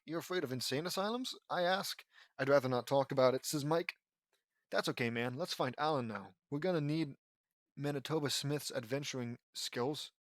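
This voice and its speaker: A man's voice: medium pitch, dry recording, studio quality. A man reading fan fiction aloud as an audiobook, breaking off often for sarcastic, frustrated asides.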